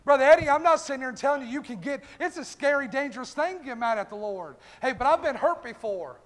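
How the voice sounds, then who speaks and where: A man's voice: very high-pitched, expressive, quick pace, fairly bright tone. A male pastor preaching a fervent revival-style sermon in a church, calling out congregation members by name. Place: church sanctuary. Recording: echoey church hall.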